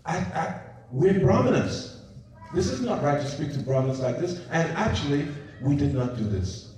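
A man voicing timid priestly teachers who softly plead their innocence before a king. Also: a little high, big pitch swings, normal speed. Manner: pleading, soft. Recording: very echoey hall, distant mic.

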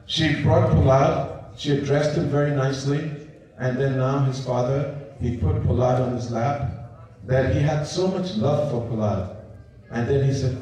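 A man with a fairly high voice preaches, retelling a scripture story and checking in with his listeners. The voice booms around a very echoey hall. It is recorded from a distant mic. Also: a little slow, dark tone. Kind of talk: sermon storytelling.

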